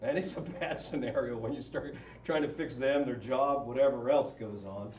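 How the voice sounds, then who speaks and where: This conversational speaker on marriage and relationships addresses a group and quizzes the audience as he goes. His medium-pitched voice moves at a moderate pace with a slightly mellow quality. The recording is dull and echoey, picked up from a distance, with slight background noise.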